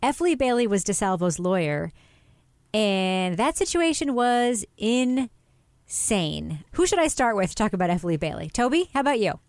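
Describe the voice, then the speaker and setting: A woman's voice: medium pitch, very animated, moderate pace, darkish tone, no echo, studio quality. A woman hosting a casual podcast discussion who leads the talk and laughs often. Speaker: podcast host and editor.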